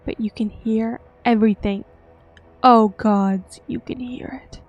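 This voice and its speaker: A woman's voice: on the high side, steady tone, a little mellow, dry recording, faint music behind. A young woman playing a horror game, reading its text aloud and reacting with yelps and laughter. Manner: reads game text slowly, then yelps and giggles in reaction. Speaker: let's-play streamer.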